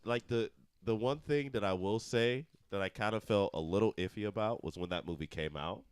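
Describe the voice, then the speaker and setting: A man's voice: fairly low pitch, a little fast, clear, resonant tone, dry recording. A young man co-hosting a podcast, casual and easygoing, telling a story and agreeing often. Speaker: podcast co-host. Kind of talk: casual chat.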